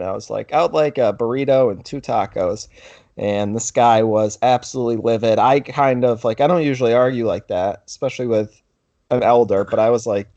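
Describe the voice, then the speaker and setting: A man's voice: mid-range voice, a little mellow, no room sound, dull audio. A young man hosts a casual podcast, rambling through an anecdote with "like" in nearly every phrase. His voice sits mid-range for a man and sounds close and dry, with no room around it. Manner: rambling storyteller, heavy use of "like". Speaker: podcast host. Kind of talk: casual podcast chat and storytelling.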